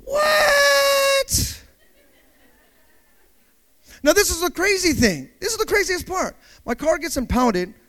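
Man, preacher, very high voice, lively sweeping intonation, animated storytelling, questions the congregation. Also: brisk, few pauses. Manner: animated, dramatic storyteller with vocal sound effects; speaks directly to the congregation, asking questions. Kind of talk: sermon with personal storytelling.

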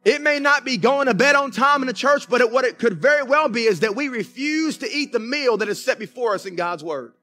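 Bright-voiced, high Southern pastor preaching. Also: male voice, animated, brisk, few pauses, faint music behind. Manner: folksy storytelling with asides to the congregation. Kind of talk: sermon. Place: church sanctuary.

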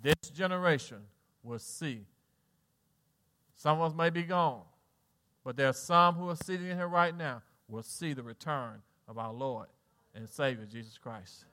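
A middle-aged Southern US pastor preaches to his congregation in a high, bright, forceful voice. He sinks soft and low, then climbs loud, dropping in folksy asides, at a slightly slow pace.

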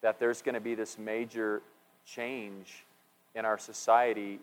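A man's voice: on the low side, little pitch movement, a little slow. A male pastor giving a conversational sermon, chatty and asking his congregation questions as he goes. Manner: chatty, asks the congregation questions, restarts often. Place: church sanctuary. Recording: echoey hall with long reverb.

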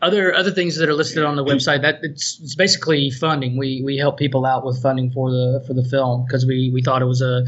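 A North Carolina man with a Southern accent talks fairly quickly with few pauses, his medium-pitched voice level in tone and a bit bright. As a film producer guest on a casual podcast, he rambles, stammers through restarts, and pokes fun at himself. The recording sounds dull and lo-fi.

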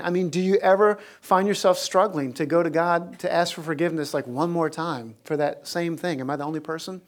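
An animated preacher delivering a sermon to a church congregation. The delivery jumps between excited storytelling with soaring pitch and laughter and quieter, earnest appeals to the listeners. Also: brisk, hardly any pauses. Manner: laughs while telling stories. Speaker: pastor.

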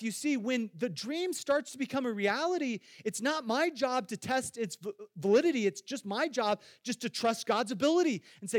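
A man's voice: high-pitched, expressive, moderate pace, dry recording, studio quality. A man preaching a sermon as a pastor, talking conversationally, putting questions straight to his listeners and repeating phrases for emphasis.

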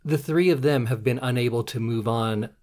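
A man's voice: medium pitch, moderate pace, a little mellow. Canadian man, podcast co-host, thoughtful, analytical, casual talk. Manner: thoughtful, analytical, occasional swearing. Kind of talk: casual podcast film discussion.

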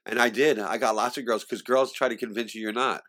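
A middle-aged man telling candid stories in an interview, animated, laughing often and moving between loud and hushed. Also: mid-range voice, fairly quick.

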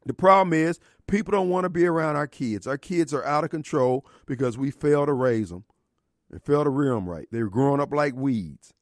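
A man's voice: fairly high pitch, moderate pace, no room sound, clean studio sound. A man with a Mississippi accent hosting a call-in radio talk show, blunt and preachy, with frequent laughs. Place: radio studio.

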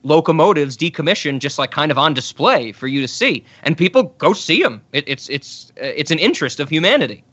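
A laid-back male podcast co-host from the Mountain West of the US chats casually. His voice is bright and a little raised in pitch. The recording sounds slightly muffled. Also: animated, a little fast, few pauses. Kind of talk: casual chat.

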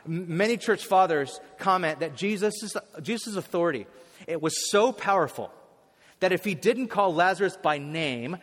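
A man preaching a sermon as a pastor, telling stories animatedly and swinging from hushed to loud. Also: high voice, big-room sound.

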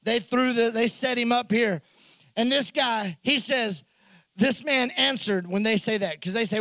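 A man preaching a sermon in an animated way, acting out the characters' lines in the story. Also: sits high, moderate pace, no room sound. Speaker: pastor.

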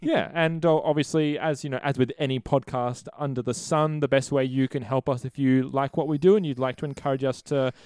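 A man's voice: mid-range voice, steady tone, fairly quick, hardly any pauses, darkish tone, dry recording, clean studio sound. A man co-hosting a podcast, talking in an easygoing, wry, rambling way. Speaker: podcast co-host. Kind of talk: casual chat, podcast sign-off.

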